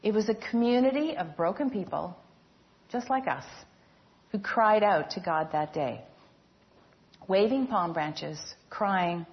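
Woman pastor, mid-pitched, earnest measured sermon delivery, slightly muffled recording. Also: animated.

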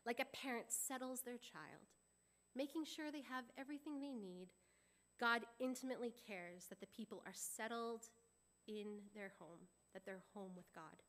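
A woman pastor preaching with a bright, forceful voice pitched a little high. She walks through scripture in an earnest, expository way, reading verses aloud as she teaches. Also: normal speed. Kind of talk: sermon.

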